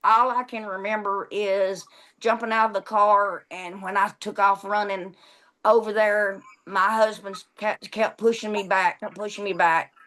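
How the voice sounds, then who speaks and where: A woman's voice: mid-range voice, little pitch movement, a little slow, fairly bright tone. A woman, a victim's mother, telling in a documentary interview how she lost her son and acting out what was said. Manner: grief-stricken, reenacting dialogue.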